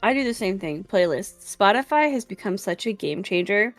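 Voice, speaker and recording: A woman's voice: mid-range voice, animated, normal speed, soft background music. Bubbly rambling woman streamer. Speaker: tabletop game player on a stream. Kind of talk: casual stream chat.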